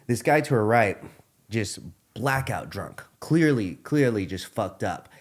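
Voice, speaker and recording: Low-voiced man telling a profane story. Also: animated, a little slow. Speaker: podcast host. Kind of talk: casual storytelling chat.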